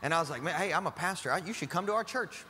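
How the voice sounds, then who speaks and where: A man's voice: a little high, animated, very fast. A man pastor preaching a sermon, emphatic and conversational, with casual asides to the congregation. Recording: church hall with long reverb and faint music.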